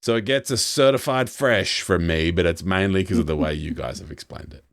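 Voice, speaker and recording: A man's voice: low voice, brisk, fairly bright tone, no echo, clean studio sound. A man co-hosting a podcast, wry and rambling, drifting into self-deprecating asides. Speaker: podcast co-host. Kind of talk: casual chat.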